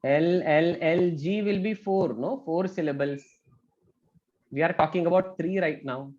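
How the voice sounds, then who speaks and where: A man teaching an online math class, talking briskly and checking in with students with a frequent "okay?". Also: a little high, darkish tone, lo-fi sound. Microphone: video call.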